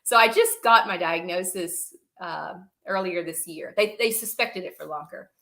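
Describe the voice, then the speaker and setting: Bright, animated woman telling stories. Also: on the low side, normal speed. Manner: animated, laughs often mid-sentence. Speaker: podcast guest, reptile breeder. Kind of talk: casual storytelling chat.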